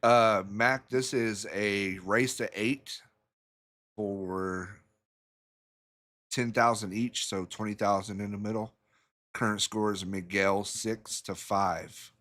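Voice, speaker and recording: A man's voice: on the low side, steady tone, slow, a bit bright. A man commentating a pool match in a casual way, rambling through stories and chuckling often.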